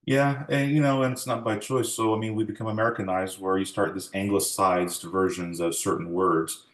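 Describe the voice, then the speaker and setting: A man's voice: lowish voice, fairly even intonation, moderate pace, roomy sound. A man in his forties in an oral history interview, telling family stories in a reflective way and acting out the dialogue. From United States. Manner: reflective storytelling, acts out quoted dialogue.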